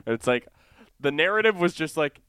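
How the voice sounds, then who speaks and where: Animated, foul-mouthed podcast guy. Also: fairly high pitch, a little fast, clean tone, no room sound, clean studio sound. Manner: profane, animated, rambling. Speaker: podcast co-host. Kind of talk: casual chat.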